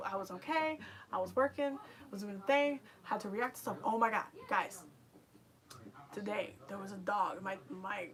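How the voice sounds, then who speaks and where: A woman's voice: fairly high pitch, fairly bright tone. A young woman with a New York accent, hosting a livestream and chatting casually with viewers, rambling with lots of fillers. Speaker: livestream host.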